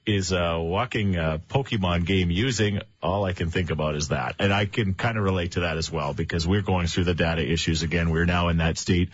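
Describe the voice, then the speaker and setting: A man's voice: sits low, steady tone, brisk, few pauses, dry recording. A middle-aged man, hosting a morning radio show and chatting casually with fillers and restarts. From Canada. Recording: muffled lo-fi radio broadcast.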